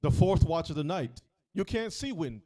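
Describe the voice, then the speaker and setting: A man's voice: on the high side, moderate pace. A man leading a scripture reading, stopping often to ask questions and act out the story. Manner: animated, questioning, acts out the story in voices. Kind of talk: interactive sermon.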